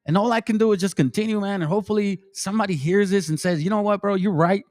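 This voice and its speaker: A man's voice: high voice, fast, a little mellow. A grown man streaming live, talking emotionally and preachily to his viewers, full of slang like "man" and "bro". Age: adult. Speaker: streamer and religious commentator. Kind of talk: impassioned livestream commentary.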